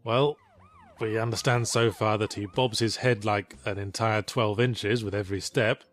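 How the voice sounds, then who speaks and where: A man's voice: fairly low pitch, fairly even intonation, moderate pace, fairly bright tone. A man giving dry, sardonic co-commentary over a video game. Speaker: let's play co-commentator. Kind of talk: dry mock-documentary commentary.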